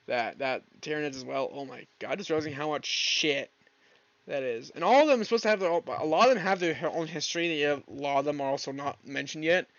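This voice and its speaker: A young man hosts a solo stream from his room, cursing freely as he rambles. His voice sits high, and the recording is dull and lo-fi. The sound is dry, with no room echo. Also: quick pace. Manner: profane, rambling, bursts into exasperated yelling. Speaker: podcast host. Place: home room, alone. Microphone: streaming mic, leaning back from it.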